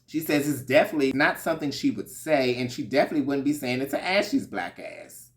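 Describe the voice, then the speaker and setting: Male recap vlogger, sassy and gossipy, casual swearing, mid-pitched voice. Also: fast talker, few pauses, a bit bright. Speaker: reality show recap vlogger.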